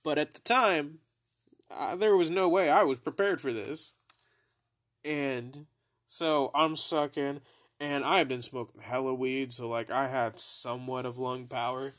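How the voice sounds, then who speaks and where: Young man, podcast host, unhurried delivery, mid-range voice, casual profane storytelling, laughs along. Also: medium pitch, a bit bright. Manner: laid-back, profane, laughs through his own story.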